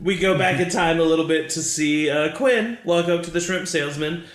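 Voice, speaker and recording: A man narrating as game master, animated and quick to laugh. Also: fairly high pitch, heavy background noise. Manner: animated, laughs often, many fillers. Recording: echoey room.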